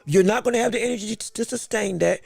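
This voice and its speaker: A man's voice: high-pitched, fast talker, gravelly, breathy edge, dry recording. A man hosting a podcast, giving emphatic live fight commentary with repeated phrases and joking banter with the chat. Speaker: podcast host.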